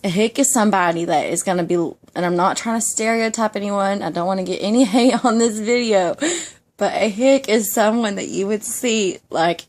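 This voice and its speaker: A young woman from Georgia, USA, with a Southern Georgia accent chats casually and emphatically in her ASMR vlog, often saying "definitely" and "like." Her mid-range voice is a little mellow and moves at a moderate pace.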